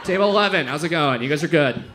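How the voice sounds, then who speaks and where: A young man from Denver hosting a comedy club night, delivering stand-up in a loose, rambling way and now and then jumping into loud mock voices. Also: on the high side, animated, quick pace, slight background noise. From Denver, Colorado. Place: comedy club stage with audience laughter.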